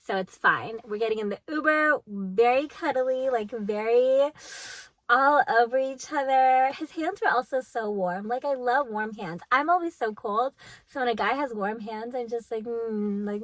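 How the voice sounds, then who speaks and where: A woman's voice: fairly high pitch, fairly bright tone, no echo. A woman in her twenties telling a dating story to her viewers in casual storytime chat, giggly and full of "like". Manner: chatty, giggly, heavy on "like". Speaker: vlogger.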